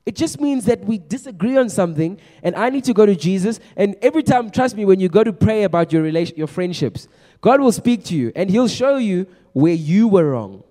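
A young man preaching to a youth group in a chatty, energetic way, often repeating his words. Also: high voice, a little fast. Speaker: youth pastor. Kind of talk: youth sermon. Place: large room with a youth audience. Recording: long echo of a large hall.

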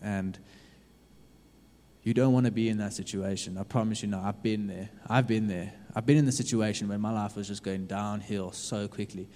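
A man preaching a sermon in a low, mellow voice. He urges his listeners earnestly and repeats himself, dropping to a hush and then swelling up again. His words ring out with the long reverb of a large hall. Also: fairly even intonation, normal speed. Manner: earnest, repetitive urging with sudden loud and hushed swings. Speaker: youth preacher.

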